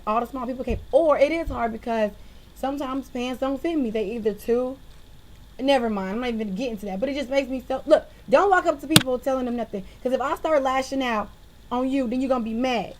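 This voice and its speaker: Woman, fairly high voice, exasperated rant, webcam mic. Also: rough recording. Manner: animated, exasperated ranting. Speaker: vlogger. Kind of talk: casual venting monologue.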